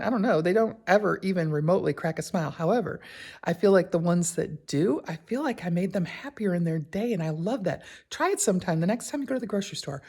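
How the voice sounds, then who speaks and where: An older woman talks straight to her viewers in a loose, chatty way. She laughs often and tells her stories with animation. Her voice sits a little low for a woman. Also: a little mellow, slightly rough. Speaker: YouTube channel host. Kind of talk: casual vlog monologue.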